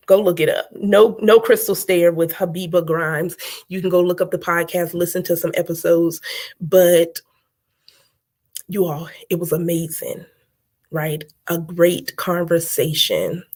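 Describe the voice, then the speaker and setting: A woman's voice: fairly low pitch, a little mellow. Emphatic, preachy middle-aged woman coach. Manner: emphatic and preachy, keeps checking in with "right?"; repeats phrases for rhythm. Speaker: motivational speaker and coach. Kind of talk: motivational live talk to viewers.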